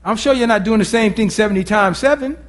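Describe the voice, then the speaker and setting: A man preaching a sermon as pastor, emphatic and preacherly, calling on the congregation to respond and sometimes dropping to a low, intense murmur. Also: fast talker. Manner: drops to a low intense murmur during prayer.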